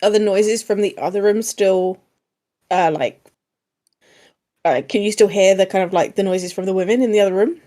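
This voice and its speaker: A woman playing a tabletop game, asking quick questions while she searches for words. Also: mid-range voice, mellow. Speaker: player. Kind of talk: casual tabletop game play.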